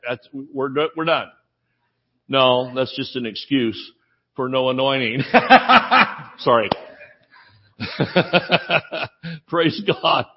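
A man's voice: mid-range voice, very slow, pauses often, slightly rough, dull audio. A man with a Southern US accent, preaching a humorous sermon full of stories and laughter. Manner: animated storytelling, laughs often.

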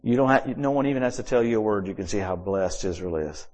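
A pastor delivers a sermon, telling stories with lively animation and wide swings in pitch and loudness. He talks fast.

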